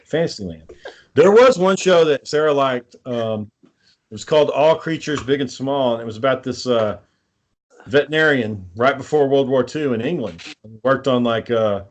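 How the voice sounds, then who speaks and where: A man's voice: medium pitch, animated, moderate pace. A man co-hosting a casual podcast chat, telling rambling stories full of swearing. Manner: rambling, profane storytelling. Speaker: podcast co-host.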